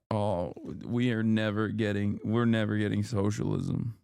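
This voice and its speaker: A man's voice: lowish voice, flat delivery, a little slow, creaky, a little mellow, smooth, dry recording, clean studio sound. A man streaming, reacting to clips in casual commentary with a profane, exasperated rant.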